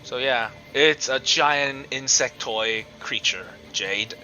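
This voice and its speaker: A man's voice: mid-range voice, slow, bright, forceful tone, lo-fi sound. A man narrating as game master of a tabletop game over voice chat, describing scenes with many fillers and restarts. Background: game soundtrack music.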